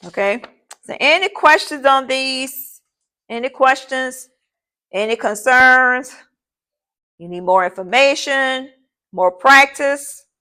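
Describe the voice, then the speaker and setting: A woman's voice: sits high, takes it slowly, long pauses, sharp tone. A woman teacher giving a classroom lesson in an informal way. She repeats key points and keeps checking in with the class. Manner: repetitive, checking in with "okay?" and "all right?"; informal, addresses the class as "y'all".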